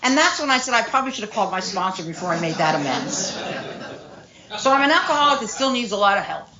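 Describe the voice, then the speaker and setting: A woman's voice: mid-range voice, big pitch swings, fast, highs cut off, a crowd in the background. A middle-aged woman speaking at a recovery meeting, telling her story candidly with lots of fillers. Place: meeting room.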